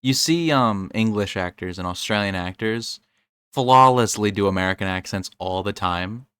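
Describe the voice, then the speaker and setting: A man chatting loosely on a podcast, laughing easily and swearing freely. His voice sits a little low and sounds dry and close to the mic. He often makes fun of himself. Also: moderate pace, fairly bright tone, smooth, dry recording. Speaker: podcast co-host. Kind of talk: casual podcast chat.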